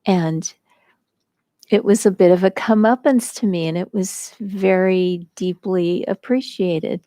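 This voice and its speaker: An American woman tells a personal story at an easy, unhurried pace, reflective and gently amused. Her voice sits mid-range, and the sound is close and dry, with no room around it. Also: medium pitch, fairly even intonation, no echo. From United States. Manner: slow and reflective, with light laughter. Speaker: storyteller at a kirtan gathering.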